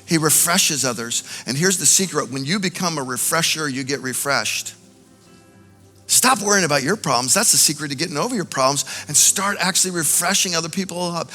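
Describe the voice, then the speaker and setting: Male pastor, sermon, animated delivery, pitched a bit high, long reverb, faint music. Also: a little fast. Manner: animated, swings between loud exhortation and quiet intimacy. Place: large church auditorium.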